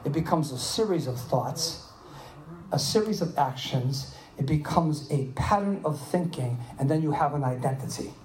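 Animated man in his seventies preaching. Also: fairly high pitch, moderate pace. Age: 70s. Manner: animated storytelling, asks "Are you with me?". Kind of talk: sermon with personal stories. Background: audience responding.

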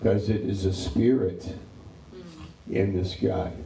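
Slow, gravelly preacher in a roomy hall. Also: male voice, deep voice, over music. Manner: animated storytelling, acting out characters in dialogue. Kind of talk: conversational Bible teaching. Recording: roomy, from a distance.

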